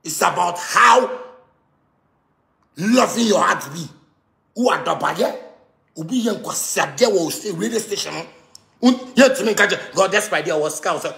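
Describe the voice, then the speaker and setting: Ghanaian man, angry rant, high raspy voice, echoey room, shouty and repetitive. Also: expressive, measured pace, long pauses. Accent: Ghanaian Pidgin English. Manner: heated, repetitive, swings from shouting to muttering. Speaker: musician ranting to camera.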